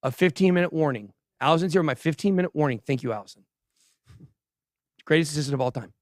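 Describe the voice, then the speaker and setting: A man with a drawl talks on a livestream, his voice sitting a touch high for a man. He jokes, brags and banters between news items in a loose, casual way. The sound is dry and close, with no room echo. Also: quick pace. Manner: joking, boastful banter with crew and chat. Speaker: host of a crypto news livestream.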